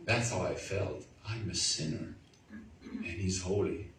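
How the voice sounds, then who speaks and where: Man giving a halting testimony in a roomy hall. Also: deep voice, fairly even intonation, fairly bright tone. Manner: halting, repeats words, earnest storytelling. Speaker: guest speaker. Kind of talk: testimony to a church audience. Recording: roomy, far from the mic, faint noise.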